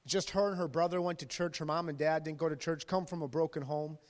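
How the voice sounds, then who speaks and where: A man, a youth pastor, preaching a sermon and telling stories lively, acting out the people in them. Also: fairly high pitch, fast talker. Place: church sanctuary. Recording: long reverb of a large hall.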